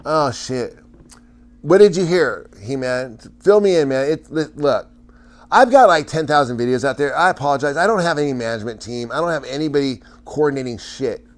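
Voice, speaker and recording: A man talking off the cuff to his live chat at a middling pitch. He rambles and stammers, breaks off his sentences and laughs often. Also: lively intonation, fairly quick. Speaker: livestream host chatting with viewers. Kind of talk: casual livestream chat.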